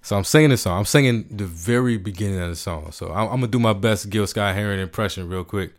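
Low-voiced man telling a story. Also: fast talker. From Washington, D.C. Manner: laid-back, profane, animated storytelling. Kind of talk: casual storytelling chat.

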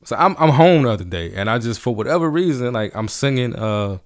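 A man from Washington, D.C. telling a story in casual, laid-back chat, profane and animated. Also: mid-range voice, fairly quick.

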